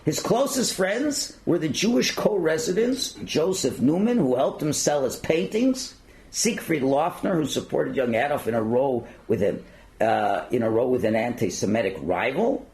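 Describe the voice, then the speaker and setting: A man's voice: fairly high pitch, animated, normal speed, a little mellow, rough recording. A man lecturing at a synagogue learning centre, reading passages aloud and then commenting in his own words with fillers. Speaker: rabbi lecturer.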